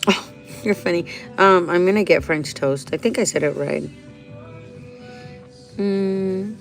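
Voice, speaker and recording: A woman's voice: fairly low pitch, slow, gravelly, faint music behind. A woman vlogger talking casually and rambling, with frequent restarts, laughing often and dropping in Spanish phrases, in a restaurant. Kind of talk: casual vlog chat.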